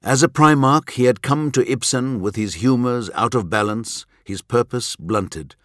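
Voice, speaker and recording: A man reading a scripted audiobook narration in a measured, dramatic way. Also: medium pitch, fairly bright tone, no room sound, studio quality.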